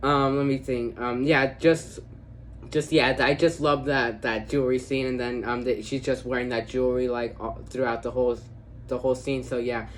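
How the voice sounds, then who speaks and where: A man casually reviewing a movie, rambling with lots of fillers, dropping quiet when quoting lines and growing loud when he gushes about his favorite parts. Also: mid-range voice, level tone, normal speed, slight background noise.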